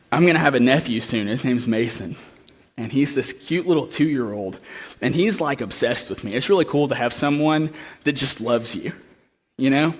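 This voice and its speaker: A young man preaching a sermon, telling a story in a conversational way that builds to impassioned pleas. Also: medium pitch.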